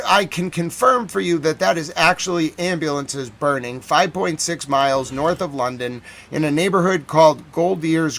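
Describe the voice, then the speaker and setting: A man hosting a live stream on breaking news, talking urgently and breaking into agitated, shouted outbursts. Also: on the high side, gravelly. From United States. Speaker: livestream host covering breaking news.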